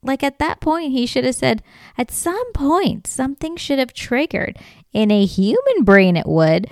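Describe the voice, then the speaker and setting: A woman's voice: sits high, unhurried, no room sound, clean studio sound. A woman hosting a comedy podcast, telling a story with lots of swearing and laughter and acting out what people said. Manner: animated, swears freely, laughs often, acts out quoted lines. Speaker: podcast host.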